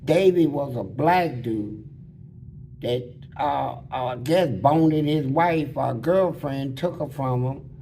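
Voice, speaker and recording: A man bluntly telling prison stories in casual, animated talk. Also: mid-range voice, slight background noise. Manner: animated, blunt, slips into voices. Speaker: interviewee.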